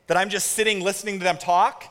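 Male pastor in his thirties, sermon delivery, bright forceful tone, long hall reverb. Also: high voice, quick pace. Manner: animated storytelling with shouted kid impressions. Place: church auditorium.

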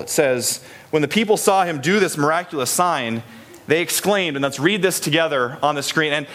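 A man's voice: on the high side, fairly bright tone. A man preaching a chatty sermon to a church congregation, often asking them questions. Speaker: pastor. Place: church in Des Moines, Iowa.

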